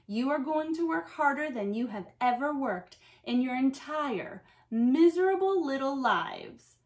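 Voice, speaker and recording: A woman voicing a stern, fearsome woman writing teacher who snarls and booms her commands, in a storybook read-aloud. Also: animated, unhurried, darkish tone. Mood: snarling.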